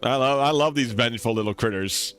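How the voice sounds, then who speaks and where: A man streaming a game, commenting in an excitable, joking way with swearing and laughter. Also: mid-range voice, fairly quick, faint music behind. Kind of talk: let's-play commentary.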